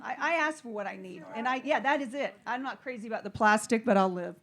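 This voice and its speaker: A woman's voice: fairly high pitch, fast talker. A woman speaking on a panel, telling a personal story in a rambling, nervous way with many false starts. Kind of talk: casual personal talk on stage.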